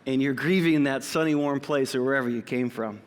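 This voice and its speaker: A man's voice: medium pitch, fairly quick, smooth. A pastor in his forties giving a sermon in a church auditorium, talking conversationally with personal asides. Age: 40s. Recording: long reverb of a church hall.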